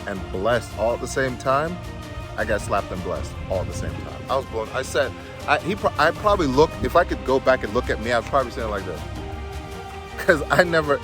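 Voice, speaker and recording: A man giving a motivational speech, telling a story with animated, emphatic delivery and acting out both sides of a conversation. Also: medium pitch, fairly quick. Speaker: motivational speaker. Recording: music bed under speech.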